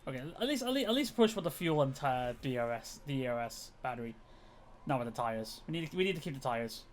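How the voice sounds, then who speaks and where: A man's voice: mid-range voice, lively intonation, fairly quick, a little hiss or hum. A man streaming a racing management game, chatting casually and thinking aloud with restarts and chuckles. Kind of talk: casual gameplay commentary.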